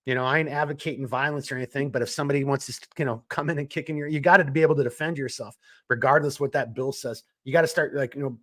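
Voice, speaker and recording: A man from Minnesota co-hosting a live podcast, talking in a blunt, worked-up way. He swears freely and rants through his points in a casual political chat, his pitch sitting in a middle range. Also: fairly even intonation, quick pace, few pauses, a bit bright. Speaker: podcast co-host; small business owner.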